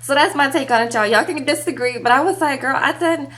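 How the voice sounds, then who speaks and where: Sassy chatty young woman, high voice. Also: fast talker. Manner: animated, sassy, heavy use of "like" and "okay". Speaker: reality TV recap vlogger. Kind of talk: casual gossipy recap.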